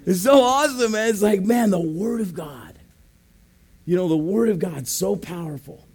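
A male pastor telling a lively testimony in a sermon, shouting out quoted blessings as he tells the story. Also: sits high, moderate pace, slightly rough.

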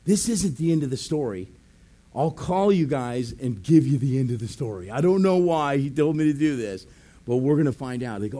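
A man's voice: medium pitch, animated, moderate pace, warm tone. A man preaching as a pastor, telling a story animatedly, acting out voices, laughing and calling out "amen". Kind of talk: sermon storytelling.

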